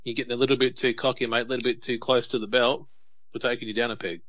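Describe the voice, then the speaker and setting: A man's voice: medium pitch, little pitch movement, a bit bright, no room sound. A man with an everyday mid-range voice chats through a wrestling match. He tells stories, laughs easily, and slips into quoted voices. The mic is close and dry. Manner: storytelling, quick laughs, acts out quotes. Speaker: podcast co-host. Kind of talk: casual watch-along commentary.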